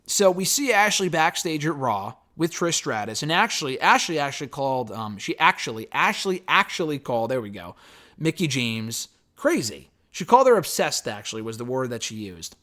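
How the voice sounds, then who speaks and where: A man's voice: mid-range voice, very animated, moderate pace, bright, forceful tone. A man giving a loose, chatty spoken recap and review of a wrestling show. He swears casually and waves off details with "blah, blah, blah.".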